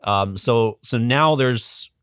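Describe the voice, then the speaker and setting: A man's voice: mid-range voice, takes it slowly, a bit bright, smooth, dry recording. Male guest educator, mid voice, chatty explainer, dry close sound. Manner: conversational, many ums and restarts. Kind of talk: casual explanatory history talk.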